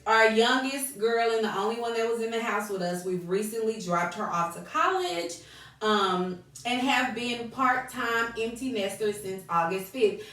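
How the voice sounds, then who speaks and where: Laughing woman podcast host, echoey room. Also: medium pitch. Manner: animated, laughing, quotes people in put-on voices. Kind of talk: casual podcast chat. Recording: echoey room, mic at a distance.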